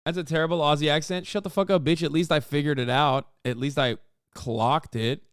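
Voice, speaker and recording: A man in his thirties reacting live to videos as a streamer, swearing and animated. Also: a little high, fairly quick, clear, resonant tone, no room sound, studio quality. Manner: profane, animated.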